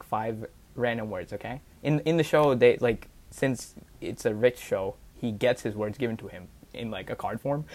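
A man's voice: mid-range voice, darkish tone. A teenage boy chatting casually and playfully over a video call, teasing his friend during a word game. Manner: playful, teasing, filler-heavy. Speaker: co-host.

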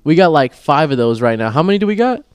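A man's voice: fairly high pitch, big pitch swings, quick pace, smooth, dry recording. A man hosting a casual podcast chat, laid-back as he talks with his guests and wraps up the episode. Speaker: podcast host.

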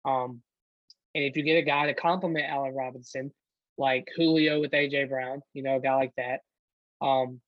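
A man's voice: medium pitch, no echo, lo-fi sound. A man co-hosting a casual sports podcast, rambling with frequent ums and restarts. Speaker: podcast co-host.

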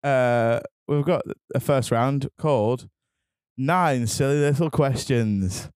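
A young man hosting a casual podcast chat, playful, laughing often and filling pauses with ums. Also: mid-range voice, darkish tone, clear, resonant tone, no room sound, clean studio sound. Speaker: podcast host.

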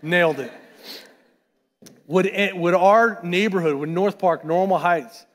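Pastor, male, fairly high voice, chatty animated sermon, long church reverb. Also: unhurried. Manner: conversational, animated preaching with asides. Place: church sanctuary.

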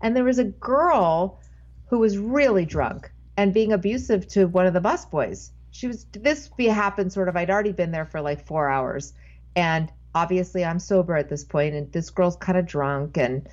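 A woman's voice: lowish voice, moderate pace, darkish tone. A woman guest tells a long story in loose, casual talk. She keeps breaking off and starting her sentences again. The recording sounds slightly dull and lo-fi. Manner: rambling, self-interrupting storyteller. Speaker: podcast guest. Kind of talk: casual anecdote telling.

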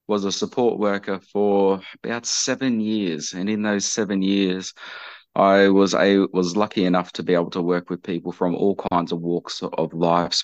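A man's voice: low voice, no echo, muffled recording. An Australian man, a podcast guest, talking in a laid-back, friendly way. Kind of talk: casual podcast chat.

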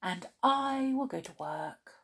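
A woman's voice: medium pitch, animated, takes it slowly, vocal fry, fairly bright tone, breathy edge. A woman reading a children's storybook aloud with dramatic gasps, then chatting cheerfully to listeners.

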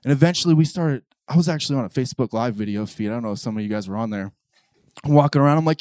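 A man with a fairly high voice preaches with lively storytelling, dropping to a hush and then rising to loud exclamations. The sound is close and dry, with no room echo. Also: fast talker. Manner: animated, swings between hushed intensity and loud exclamation. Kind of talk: sermon with personal storytelling.

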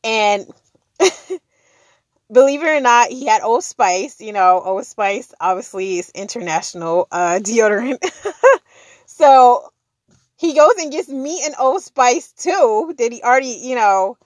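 A woman's voice: a little high, animated, takes it slowly, dry recording. A woman telling a personal story in casual chat, acting out the dialogue and laughing often.

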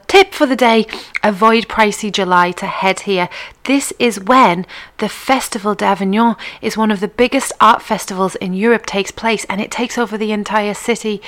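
A woman's voice: mid-range voice, fairly bright tone. Chatty woman radio presenter. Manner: chatty and enthusiastic, addresses listeners directly. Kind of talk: casual radio chat with travel tips.

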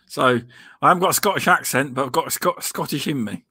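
A man hosts a casual livestream chat. His voice sits a little higher than most men's. He speaks softly and haltingly, often stopping to restart a thought. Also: breathy edge, no echo. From England. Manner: soft-spoken, halting, with repeated restarts. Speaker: stream host.

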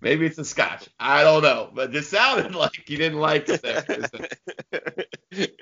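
A man's voice: a little high, expressive, normal speed, vocal fry, pushed and bright, highs cut off. A man co-hosting a casual movie podcast, joking, swearing freely and laughing as he picks the film apart. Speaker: podcast co-host. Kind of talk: casual movie-review chat.

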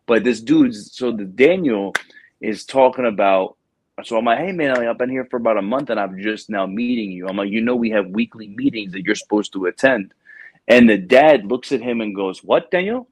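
A man hosting a casual chat, telling a recruiting story with lively acted-out quotes and plenty of "bro". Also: fairly low pitch, normal speed, dry recording. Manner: animated storyteller, acts out quotes, says "bro". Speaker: podcast host, Marine recruiting staff sergeant.

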